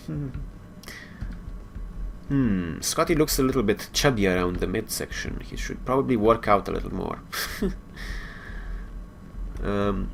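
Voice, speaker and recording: Creaky-voiced male game commentator. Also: on the low side, unhurried, pauses often, slight background noise. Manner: jokey and rambling, chuckles at his own jokes. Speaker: gaming channel host. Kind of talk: casual let's play commentary.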